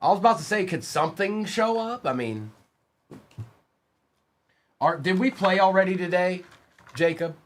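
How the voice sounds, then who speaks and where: A young man on a live stream, chatting casually and calling out player names as he opens card packs, getting excited along the way. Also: high voice, moderate pace, long pauses.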